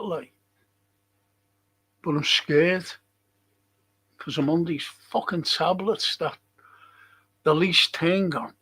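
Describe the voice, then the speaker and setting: Slow, grumbling older English host. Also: male voice, fairly high pitch, vocal fry, fairly bright tone, slightly rough. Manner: grumbling, swears a lot, moaning. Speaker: livestream host. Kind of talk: casual live chat reading viewer comments.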